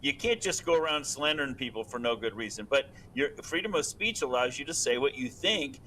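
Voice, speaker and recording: A man's voice: medium pitch, lively intonation, a little fast, sharp tone, a little hiss or hum, rough recording. A man as a guest expert, explaining points with stammering restarts. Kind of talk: casual interview.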